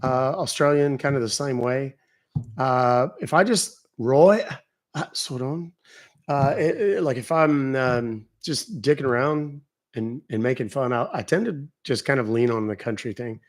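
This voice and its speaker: A man's voice: medium pitch, moderate pace. A man hosting a live stream, chatting casually and profanely with his audience and joking around. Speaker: livestream host.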